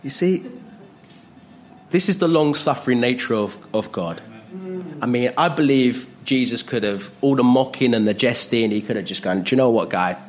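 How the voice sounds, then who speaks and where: A man preaching a sermon in a jokey, animated way, acting out voices with big jumps in pitch. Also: normal speed, faint music behind.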